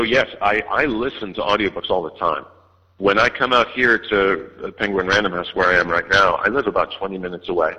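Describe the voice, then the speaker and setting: A deep male voice with a sharp tone and a breathy edge belongs to an audiobook narrator who stumbles through interview questions, using many fillers and restarting often. Audio comes over a dull line with long reverb.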